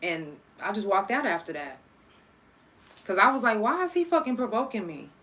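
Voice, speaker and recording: A young woman talks through a personal story in a bright, forward voice. She is casual and profane, and she acts out each person she quotes, her own side loud and lively. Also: mid-range voice, normal speed. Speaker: podcast host telling a story.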